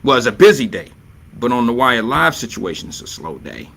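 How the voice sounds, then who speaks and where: A man with a bright, forward voice hosts a laid-back live stream show from a home setup. He chats loosely and playfully, greets viewers by reading their comments, and keeps circling back to his catchphrases. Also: mid-range voice, sing-song, a little fast, gravelly. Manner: loose and playful, repeats catchphrases, chuckles often.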